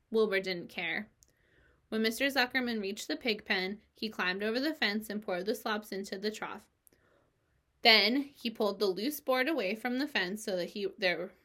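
A woman reading a children's novel aloud as narrator, expressive and lively. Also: mid-range voice. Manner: expressive, lively character voices.

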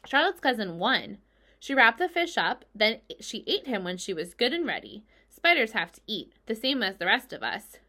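A woman's voice: fairly high pitch, big pitch swings, normal speed, bright, forceful tone, full character voice. A woman doing an eager young farm girl. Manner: eager, insistent.

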